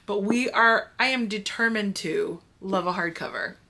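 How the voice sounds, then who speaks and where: A woman chatting casually to the camera at home, animated and playfully dramatic, talking to her viewers. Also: medium pitch, moderate pace. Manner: animated, self-mocking and dramatic. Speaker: book vlogger. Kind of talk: casual vlog chat. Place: at home, indoors. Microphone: camera mic.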